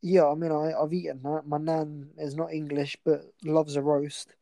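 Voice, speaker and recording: Chatty male co-host, effusive tangent-prone rambler, warm tone, dry close mic. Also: on the high side, little pitch movement, moderate pace, vocal fry, no echo, low-quality recording. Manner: rambling, effusive, easily sidetracked. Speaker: podcast co-host. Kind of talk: casual chat.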